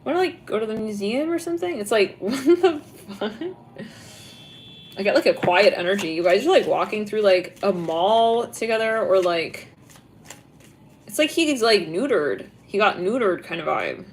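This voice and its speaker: A woman's voice: medium pitch, lively intonation, moderate pace, a little hiss or hum. A young woman giving a casual tarot reading, rambling with constant "like" fillers and frequent giggles. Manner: giggly, rambling, heavy use of "like". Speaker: tarot reader.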